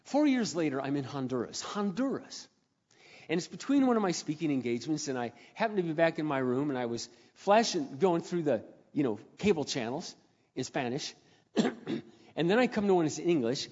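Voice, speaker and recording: A man preaching with lively, storytelling energy, his fairly high voice jumping between quiet asides and loud bursts. The sound is dull and lo-fi, with long reverb from a big hall. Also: moderate pace. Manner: animated, swings from hushed to loud exclaims. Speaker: speaker. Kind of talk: sermon storytelling.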